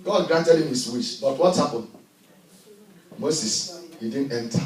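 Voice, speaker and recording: A male pastor preaching a sermon in a church, swinging from hushed lines to shouting. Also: medium pitch, unhurried. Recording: echoey church, miked from a distance.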